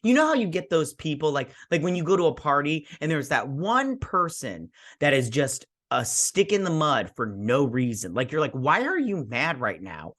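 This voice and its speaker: A man's voice: on the high side, big pitch swings, normal speed, few pauses, a bit bright. A man hosting a show review, rambling and sassy as he recaps an episode and acts out the characters' lines.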